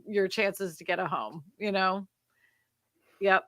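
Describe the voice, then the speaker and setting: A woman's voice: medium pitch, no room sound. A woman co-hosting a livestream, giving direct, casual coaching feedback on video thumbnails. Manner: direct coaching, quick asides.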